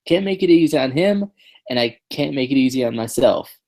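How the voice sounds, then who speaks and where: A man's voice: medium pitch, animated, fairly quick, a little mellow. A man hosting a podcast in casual chat, joking and rambling with fillers and restarts. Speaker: podcast host.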